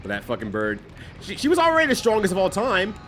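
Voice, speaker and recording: A man's voice: high voice, wildly swooping pitch, fast talker, a bit bright, a little hiss or hum. A man streaming a game live, giving loose, joking commentary that swears casually and rambles between bits.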